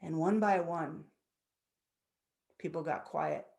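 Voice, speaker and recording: A woman's voice: low voice, slow pace, vocal fry, darkish tone. A woman in her fifties giving a personal storytelling talk as a guest speaker at a spiritual center, earnest and reflective. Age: 50s.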